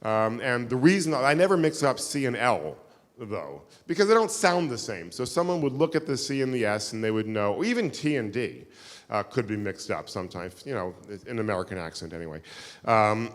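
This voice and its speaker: A man's voice: on the low side, expressive, fairly quick. A man giving a keynote lecture, telling stories in a chatty, self-deprecating way with lots of fillers. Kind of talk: live lecture with audience questions. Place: synagogue hall. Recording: reverberant hall.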